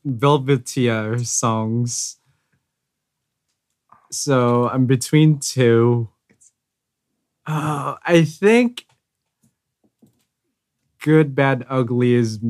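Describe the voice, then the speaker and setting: A man co-hosting a music podcast, chatting in a relaxed, agreeable way. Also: mid-range voice. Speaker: podcast co-host. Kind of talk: casual chat about music.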